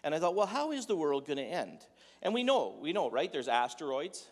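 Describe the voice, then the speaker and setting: A man's voice: on the high side, sing-song, brisk. A man giving a humorous sermon in a conversational, joking way, full of rhetorical questions. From Dutch heritage. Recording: echoey hall with long reverb.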